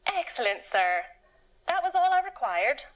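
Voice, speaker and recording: Phone clerk, officious, brisk, high voice, lively pitch. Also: female voice, highs cut off. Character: brisk female delivery company phone clerk. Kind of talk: video game voice acting.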